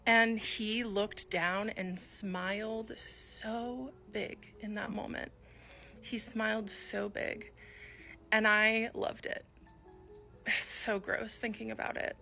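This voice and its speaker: A woman's voice: medium pitch, steady tone, slow, gravelly, bright, forceful tone, faint music behind. A woman telling a personal story in confessional style, acting out the dialogue she quotes. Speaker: video storyteller.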